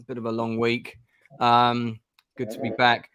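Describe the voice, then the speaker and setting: A man's voice: mid-range voice, monotone, unhurried, fairly bright tone. A middle-aged man hosting a gamebook stream, chatting casually with lots of ums and restarts. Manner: rambling, many ums and restarts. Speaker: stream host playing a gamebook. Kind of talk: casual chat.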